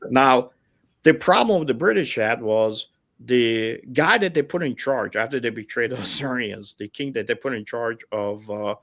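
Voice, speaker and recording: A man's voice: mid-range voice, expressive, normal speed, a bit bright, dry recording. A middle-aged man in a casual chat, telling stories with energy, full of fillers, laughing and putting on voices for the people in them. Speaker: guest storyteller. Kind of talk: casual storytelling. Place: home setup over a livestream call. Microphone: remote call mic.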